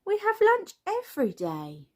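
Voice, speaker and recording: A woman voicing Peppa Pig, a cheerful little girl piglet, in an excited storybook reading. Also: extremely high pitch, measured pace, voice pushed up, heavily acted. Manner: excited, squealing. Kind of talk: storybook character voice.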